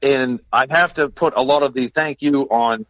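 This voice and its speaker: A man's voice: medium pitch, normal speed, a bit bright, no echo, muffled recording. A man who makes game calls, telling stories as a guest in a casual podcast chat, upbeat and talkative. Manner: chatty, storytelling, upbeat.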